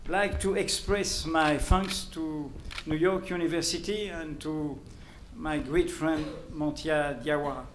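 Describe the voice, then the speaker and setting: A man with a French accent, speaking in English as a journalist giving a prepared lecture, in a deliberate and emphatic manner. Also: a little high, fairly even intonation, a little hiss or hum. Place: lecture hall. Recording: roomy hall sound, faint ambience.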